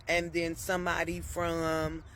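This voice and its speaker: A woman's voice: lowish voice, monotone, measured pace, a bit bright, a little hiss or hum. Chatty woman telling a story. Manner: chatty, emphatic, keeps addressing listeners with "y'all" and "okay?"; laughs often between sentences. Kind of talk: casual personal storytelling.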